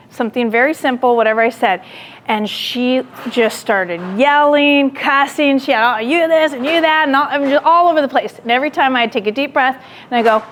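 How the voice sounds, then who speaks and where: With slight background noise behind her, a woman with a high, slightly bright voice speaks at normal speed in a classroom lecture. She relates a personal story, acting out her own words with animation, and afterward asks the audience direct questions.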